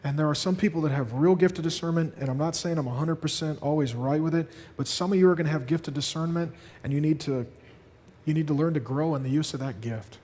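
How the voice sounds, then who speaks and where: Man, pastor, sermon, storytelling with acted dialogue, higher voice, long hall reverb. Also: quick pace, darkish tone. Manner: storytelling, acting out quoted dialogue. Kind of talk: sermon to a congregation.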